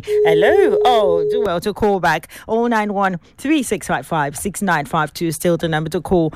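A young woman hosting a live radio call-in request show, chatting briskly with callers. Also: medium pitch, no room sound.

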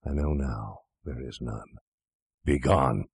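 A shabby old drunk, bitter and defiant, as a male narrator voices him, biting off short, blunt words. The voice sits deep and low in a dry, close recording. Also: takes it slowly, gravelly, husky, no room sound, exaggerated voice.

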